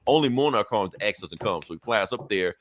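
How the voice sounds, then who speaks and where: A man co-hosting a podcast, casually recapping a comic with animated, profane retellings. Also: fairly low pitch, brisk. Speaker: podcast co-host.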